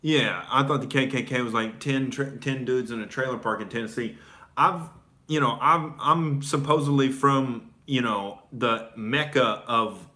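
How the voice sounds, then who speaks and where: Bright-voiced man from Oklahoma. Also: mid-range voice, measured pace. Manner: loose and profane, laughs between thoughts, filler-heavy. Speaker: stand-up comedian guest. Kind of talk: casual chat.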